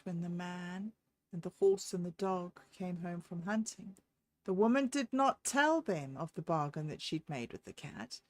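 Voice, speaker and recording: Slow, unhurried woman reading a story. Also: mid-range voice, darkish tone. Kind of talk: reading a classic story aloud.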